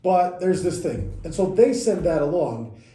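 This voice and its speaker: A man's voice: sits high, sing-song, measured pace, dark tone. A man co-hosting a podcast, casually walking through events step by step and correcting himself as he goes. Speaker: podcast co-host. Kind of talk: casual explanatory chat. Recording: roomy echoey room.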